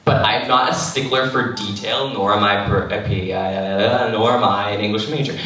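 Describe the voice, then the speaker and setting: A man's voice: on the low side, fairly even intonation, moderate pace, bright, forceful tone, faint music behind. A man answering questions on a cosplay panel, chatty and laughing often, with casual swearing. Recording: echoey hall from far off, faint noise.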